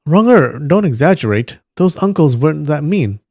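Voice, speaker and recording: A man's voice: a little high, sing-song, moderate pace, vocal fry, a little mellow, dry recording, studio quality, voice pushed up, exaggerated voice. A man voicing an honest, earnest young martial artist. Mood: pleading.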